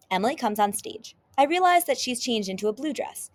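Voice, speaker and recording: A woman teacher reading a children's chapter book aloud with expressive storytelling. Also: a little high, brisk.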